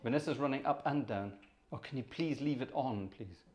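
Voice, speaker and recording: A man's voice: medium pitch, a little fast. A man hosting a casual organ livestream from his upstairs room at home, chatting and joking with viewers. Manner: chatty, jokey, animated, thanks viewers by name. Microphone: room microphone.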